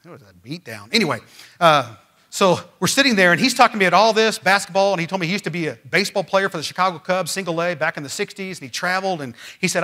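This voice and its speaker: A man preaching a sermon as pastor, emphatic and swinging from loud, rising lines to quiet ones. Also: high voice, animated, fast. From Missouri. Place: church.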